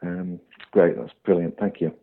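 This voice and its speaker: Guy, deep flat voice, umming through a voicemail, sounds like a phone line. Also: unhurried, gravelly. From Hull, Northern England. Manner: hesitant, lots of ums. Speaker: caller. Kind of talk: voicemail message to a podcast.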